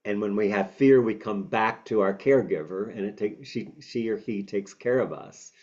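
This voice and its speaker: Low-voiced man teaching, tongue bitten. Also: moderate pace, darkish tone. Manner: reflective, with fillers and restarts. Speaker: meditation teacher. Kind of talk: teaching talk. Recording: slightly dull lo-fi audio.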